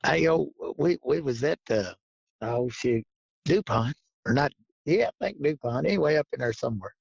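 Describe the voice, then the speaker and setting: Gravelly husky man, folksy drawling storyteller, dull lo-fi dry sound. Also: mid-range voice, lively intonation, moderate pace, no room sound. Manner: folksy, drawling, laughs through stories. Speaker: guest. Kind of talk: casual storytelling. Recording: dull lo-fi podcast audio.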